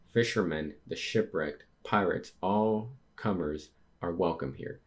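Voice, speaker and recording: A man's voice: deep voice, slow pace. A young man reading a manga chapter aloud in a plain voice and stopping to react and comment. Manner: reads dialogue plainly, breaks off to react with surprise.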